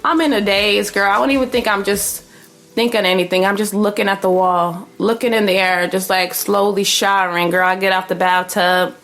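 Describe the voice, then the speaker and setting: A young woman telling a story to her viewers in a brash, profane, animated way, laughing often. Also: mid-range voice, normal speed, soft background music. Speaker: vlogger. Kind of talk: casual storytelling.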